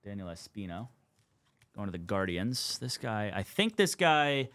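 A man's voice: fairly low pitch, big pitch swings, a little slow, a bit bright. Young guy running a card break stream, casual chatty play-by-play of each card. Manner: casual, chatty, calls out cards and teams. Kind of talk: live stream commentary.

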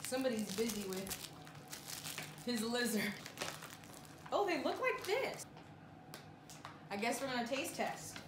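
A woman gushes to her dog in slow, sing-song baby talk that swoops high and low. Her voice sits a little high. The sound is roomy and echoey, with steady noise behind it. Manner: cooing baby talk to a dog, often laughing. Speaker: vlogger. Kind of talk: casual vlog talking to a pet.

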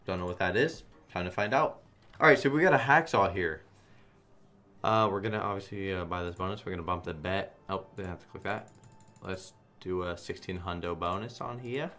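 This low-pitched man gives casual commentary on a slot game stream, swearing heavily. He swings between flat muttering and loud outbursts.

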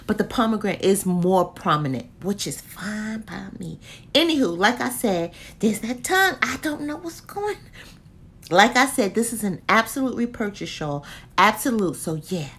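A woman's voice: medium pitch, measured pace, soft background music. A woman reviewing a candle in a casual, slangy vlog full of laughs. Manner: animated, slangy, laughs often.

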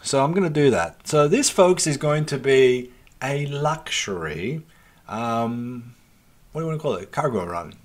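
A man talks through his gameplay in a loose, chatty way, calling his viewers folks. He swears freely and grumbles at the game under his breath, his voice sitting at an ordinary middle pitch for a man. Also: lively intonation, unhurried. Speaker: let's play host. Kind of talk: casual gameplay commentary.

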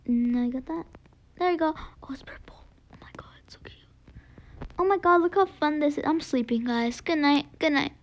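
A woman giving chatty gameplay commentary, excitable, gasping often and dropping into whispered asides. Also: high-pitched. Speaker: gaming video creator.

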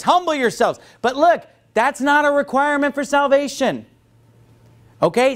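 Man, pastor, sermon, animated delivery, restarts, voice rising and falling widely. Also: very high voice. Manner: animated preaching, acts out quoted voices, frequent restarts. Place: church.

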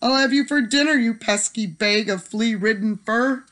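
A storyteller voicing a small excitable male leprechaun in a bedtime storybook reading, with a shrill, pleading then cheeky manner. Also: measured pace, close to an everyday voice. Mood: frantic.

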